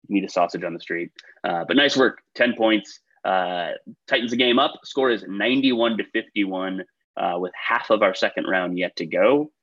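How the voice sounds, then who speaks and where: A man's voice: lowish voice, moderate pace, a bit bright, muffled recording. A man hosting a trivia quiz over a video call, reading questions and tossing in chatty, upbeat asides between them. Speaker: quiz show host.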